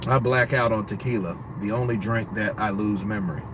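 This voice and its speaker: A man's voice: lowish voice, brisk, background noise. A man hosting a casual boxing livestream, joking crudely, reading viewer messages and acting out skits in other voices. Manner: crude, joking, reads super chats, acts out skits. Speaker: boxing commentary host.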